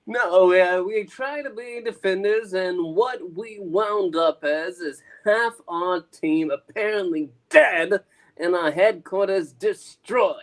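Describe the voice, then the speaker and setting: A woman's voice: medium pitch, slow, close to an everyday voice. A woman reading as a gloomy, washed-up male hero.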